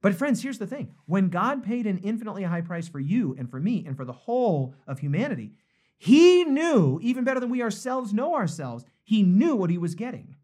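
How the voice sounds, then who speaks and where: A male pastor preaches in a relaxed, conversational way during a live-streamed devotional. His pitch swings widely, rising and falling for emphasis. He repeats key phrases to drive them home. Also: a little fast, few pauses.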